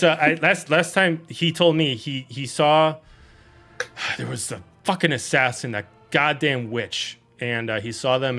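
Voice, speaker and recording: A man's voice: medium pitch, pushed and bright. A man voicing a brash, casual female druid who rambles and swears freely.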